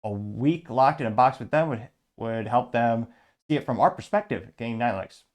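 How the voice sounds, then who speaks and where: Guy hosting a commentary show, sarcastic, reads out comments, regular pitch. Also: moderate pace, darkish tone. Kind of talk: casual political commentary reading comments.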